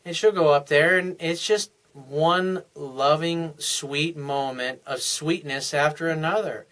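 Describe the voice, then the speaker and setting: A man's voice: fairly high pitch, fairly even intonation, slow. Earnest man giving relationship advice. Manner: earnest, acts out couples' dialogue in softer voices. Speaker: dating and life coach. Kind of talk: advice monologue.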